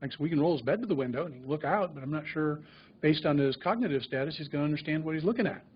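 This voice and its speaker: A man's voice: on the high side, expressive, very fast, husky. Guy doctor giving a hospital lecture, acts out patient convos, muffled lo-fi recording. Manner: conversational storytelling, acts out patient dialogues. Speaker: physician lecturer. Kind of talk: medical grand rounds lecture.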